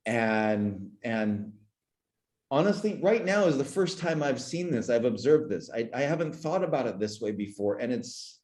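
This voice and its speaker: Halting, emotional man in his forties. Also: mid-range voice, very animated, darkish tone, reverberant. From Canada. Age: 40s. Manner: halting, repeats words and restarts, emotional. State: choked up. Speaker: podcast guest. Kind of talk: reflective conversational interview.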